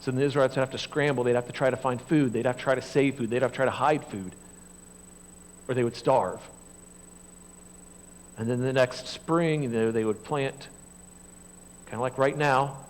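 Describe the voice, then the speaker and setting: A middle-aged man preaching a sermon as pastor, speaking conversationally and swinging from hushed, low passages to loud, raised ones when he voices God and the people. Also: steady tone, normal speed, pauses often, a little hiss or hum, poor audio.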